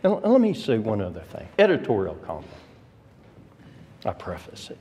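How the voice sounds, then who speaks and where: A man's voice: fairly low pitch, huge pitch swings, moderate pace, pauses often, mellow, breathy edge. A man teaching an adult Sunday school class in a church. He stresses key words and puts questions straight to the class. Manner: emphatic, rises sharply on key words; addresses the class directly with questions. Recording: long reverb of a church hall.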